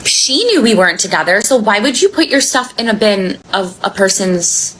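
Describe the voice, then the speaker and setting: A woman vlogger telling a travel story in a casual, sassy, animated way, acting out the other people. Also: medium pitch, moderate pace, a little hiss or hum, poor audio. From Miami.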